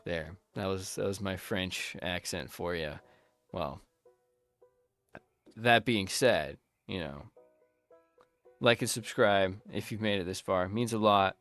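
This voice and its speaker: A man's voice: sits low, takes it slowly, pauses often, fairly bright tone, faint music behind. A man giving casual let's-play commentary, rambling and thinking aloud as he plays. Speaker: gameplay commentator.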